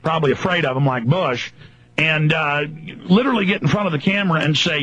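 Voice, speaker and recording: A man's voice: on the high side, quick pace, a bit bright, husky. A man hosting a talk radio show, ranting angrily and mockingly in long emphatic lists. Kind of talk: angry political radio rant. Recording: dull lo-fi radio broadcast.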